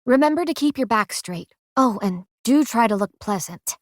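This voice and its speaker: A shy young maid speaks in a small, hesitant way, and each word comes out soft and careful. A woman acts her out, raising her voice noticeably for the part, and the recording is close and dry. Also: on the high side, expressive, normal speed, dry recording, voice pushed up, natural voice. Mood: coaxing. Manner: timid and faltering.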